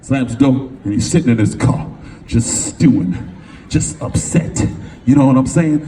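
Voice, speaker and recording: Speaking at normal speed in a medium pitch, a middle-aged man from California shares a personal story before an audience at an event venue. As a motivational speaker, he's animated and slangy and performs the voices of the story's characters, heard through a distant mic with faint room noise.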